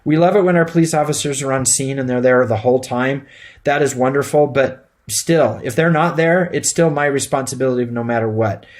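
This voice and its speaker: Teaching emergency medical students, a middle-aged man who works as an EMT instructor talks briskly in a medium-pitched voice. His lecture is plain-spoken and conversational, peppered with fillers.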